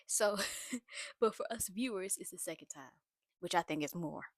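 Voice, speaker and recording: A young adult woman recapping a film in a casual, animated, slangy way, laughing between lines. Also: on the low side, unhurried, dry recording, clean studio sound. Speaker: movie reaction vlogger.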